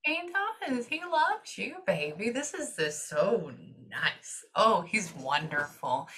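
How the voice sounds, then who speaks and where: Bright-voiced chatty woman psychic reader. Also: lowish voice, big pitch swings, faint music behind. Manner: chatty, relays messages in quick asides. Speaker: psychic medium. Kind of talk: reading for a client.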